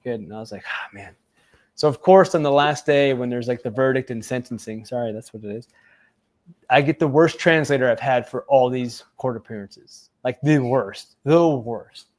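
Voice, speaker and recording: A former Navy SEAL tells a long personal story in a casual interview, speaking a little fast in a medium-pitched voice. His retelling is animated and full of fillers, and he acts out the voices of the people he quotes.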